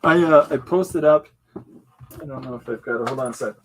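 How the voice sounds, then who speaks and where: There's background noise as a mid-range-voiced man hosts a podcast, chatting loosely at normal speed. He jokes, laughs often and now and then does impressions in this rambling, casual talk.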